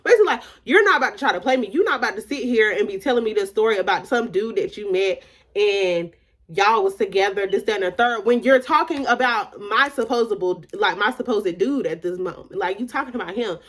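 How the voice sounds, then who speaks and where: A woman's voice: medium pitch, a little fast. Candid woman telling a storytime. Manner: emphatic, repeats "like" often; candid, retells dialogue with shifting emphasis. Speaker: storytime vlogger. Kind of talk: casual storytime.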